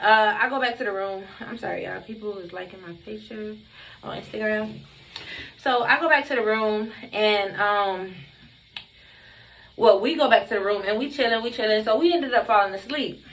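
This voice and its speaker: A woman's voice: medium pitch, fairly bright tone. A young woman telling a story on her vlog, blunt and emphatic, cursing constantly. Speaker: vlogger.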